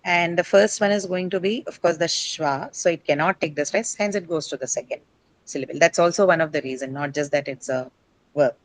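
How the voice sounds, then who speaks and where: A woman's voice: sits low, a little fast, no echo, poor audio. A woman teaching English word stress to a class. She explains step by step, often says "uh", and asks her students questions.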